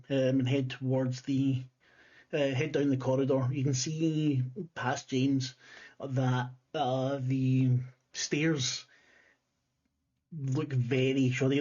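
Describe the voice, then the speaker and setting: A man's voice: medium pitch, darkish tone. A man running a tabletop horror game, chatty and scattered, swearing freely, on dull lo-fi audio. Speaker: game master.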